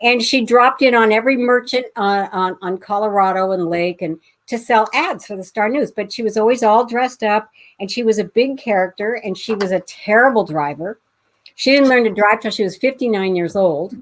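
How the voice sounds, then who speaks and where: A woman's voice: medium pitch, moderate pace. A middle-aged woman from Pasadena, a guest author, telling a family anecdote in casual conversation with many fillers and restarts. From Pasadena, California.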